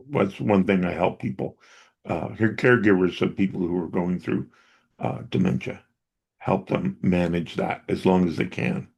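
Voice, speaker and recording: A man's voice: lowish voice, gravelly. A middle-aged man, an interview guest who helps dementia caregivers, earnestly telling stories about his family. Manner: earnest and reflective, recounting family memories. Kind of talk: conversational personal storytelling.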